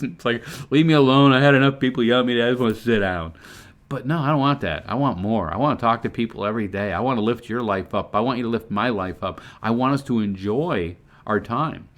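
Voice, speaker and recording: A middle-aged man giving an earnest, excitable motivational talk to camera about his online business, his voice jumping up when he gets fired up. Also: mid-range voice.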